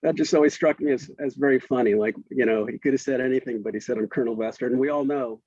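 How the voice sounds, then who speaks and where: A man's voice: mid-range voice, fast, darkish tone, no echo, lo-fi sound. A man in his fifties, a guest in an interview, telling a casual story with frequent restarts and laughs. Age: 50s.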